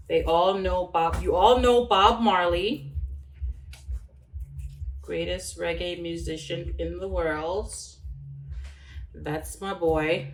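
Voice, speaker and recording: A woman's voice: mid-range voice, reverberant, recorded from a distance, low-quality recording. A young woman born in Jamaica, chatting casually while she cooks and trying out patois phrases. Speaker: cooking vlogger. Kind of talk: casual chat while cooking.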